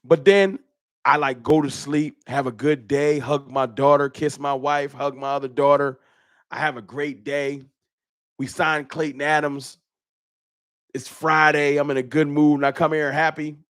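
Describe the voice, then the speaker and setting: Slangy, animated male fan-show host. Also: on the high side, a little slow, dry recording, clean studio sound. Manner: animated, repeats phrases, slangy. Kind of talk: casual live-stream talk.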